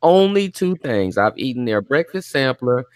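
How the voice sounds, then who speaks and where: Podcast guy, slow and deliberate, bit of a mock serious tone, dry close mic. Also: mid-range voice, big pitch swings, darkish tone, smooth, no echo. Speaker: podcast co-host. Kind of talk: casual podcast banter.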